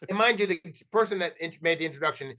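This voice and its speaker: A middle-aged man from New Jersey and New York City, a podcast guest telling animated stories in casual interview talk, often acting out dialogue and restarting his sentences. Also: fairly high pitch, quick pace. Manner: animated, acts out quoted dialogue, frequent restarts and "like".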